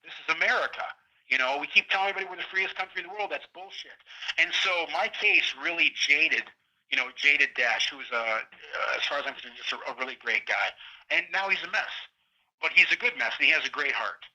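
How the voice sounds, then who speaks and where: A middle-aged man calling in as a guest, telling a long story in a rambling, animated way and acting out what others said. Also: a little high, fairly quick. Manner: rambling, animated retelling with quoted voices. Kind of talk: casual storytelling interview. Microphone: phone line. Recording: tinny prison phone line.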